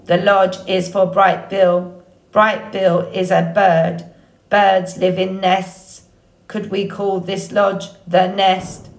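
A woman doing a calm literal robot. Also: mid-range voice, vocal fry. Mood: plain. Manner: measured, plain and precise.

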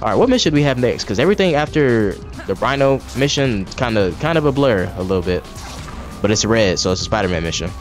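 A man's voice: mid-range voice, lively intonation, fast, faint music behind. A man giving casual, profane gameplay commentary, trash-talking enemies and rambling in asides with frequent restarts. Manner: profane, reactive trash talk at the game. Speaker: gaming channel host.

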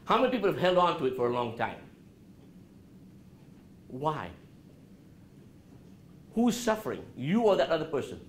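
A man giving an interactive talk to a college class, asking the students questions and dropping his voice low to show calm. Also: moderate pace, long pauses. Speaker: guest speaker at a college business class. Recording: roomy classroom with faint noise.

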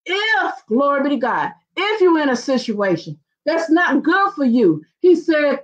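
Female preacher, high and swooping, unhurried sermon delivery, muffled lo-fi sound. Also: huge pitch swings. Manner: exclamations of hallelujah, rising and falling emphasis.

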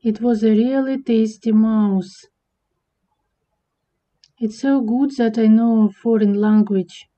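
Smug cartoon cat, woman voicing, real slow, muffled audio. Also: a little high, steady tone, dark tone. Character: smug male cat that just ate a mouse. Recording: dull lo-fi recording.

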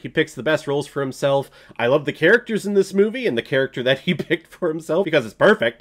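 A young man giving a casual, jokey spoken film review, laughing and sometimes bursting into loud shouted bits. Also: medium pitch. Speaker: movie reviewer.

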